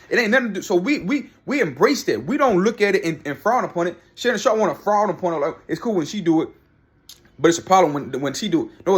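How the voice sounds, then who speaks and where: A man ranting heatedly about sports in a vlog, repeating himself and talking back to people by name. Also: a little high. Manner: fired-up, repetitive, talks back to people by name. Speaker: sports commentary vlogger. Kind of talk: heated opinion rant.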